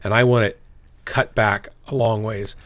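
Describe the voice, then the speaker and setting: A man's voice: on the low side, little pitch movement, unhurried, fairly bright tone. A man streaming a game and telling a rambling story in casual chat, full of fillers and restarts. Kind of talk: casual chat while gaming.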